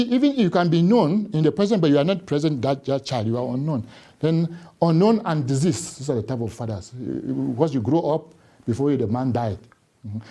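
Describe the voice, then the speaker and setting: A Catholic priest and book author, appearing as a guest on a live studio show, speaks emphatically, repeating words and posing rhetorical questions. His voice is fairly high and mellow.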